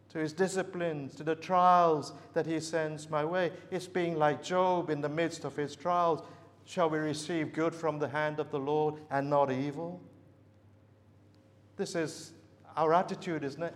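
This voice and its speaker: A man preaching a sermon, slow and emphatic, repeating his key phrases. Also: fairly high pitch. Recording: long hall reverb.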